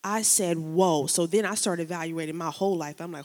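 A woman pastor preaching a sermon, moving between lively preaching, casual slang and quiet personal storytelling. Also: fairly low pitch, a little fast, few pauses, in a large hall.

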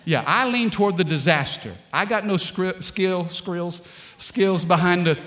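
A man pastor preaching a lively sermon, calling out to the congregation and telling funny stories. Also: sits high, unhurried. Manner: dynamic preaching, call-and-response with congregation, storytelling with humor. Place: large church sanctuary. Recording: long hall reverb.

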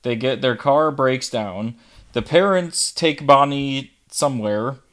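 A man's voice: medium pitch, slow, fairly bright tone. A man co-hosting a podcast, casually questioning the logic of a movie plot. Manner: questioning, picks at plot holes. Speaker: podcast co-host. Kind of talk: casual chat.

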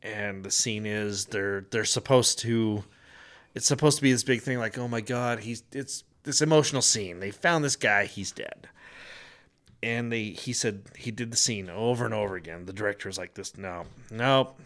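Man, casual podcast chat, animated storyteller who voices the quotes and laughs often. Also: lowish voice, normal speed.

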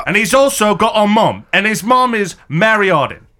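Podcast host guy doing a goofy fake british bit, bright forceful voice, cussing a lot. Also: high voice, very animated, normal speed. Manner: hammy mock-British slang, swearing. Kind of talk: comedic podcast storytelling.

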